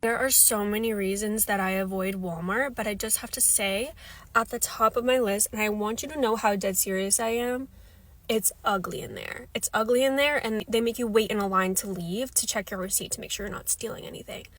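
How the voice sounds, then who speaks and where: A woman's voice: medium pitch, steady tone, brisk, a bit bright. A woman complaining in a phone video, exasperated and sarcastic.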